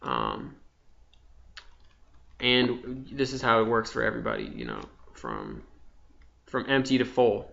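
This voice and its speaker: A young man giving an impassioned, profane spiritual monologue, dropping from hushed to loud. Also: mid-range voice, wildly swooping pitch, unhurried, creaky, pauses often, a little hiss or hum. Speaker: vlogger. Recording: slightly dull lo-fi sound.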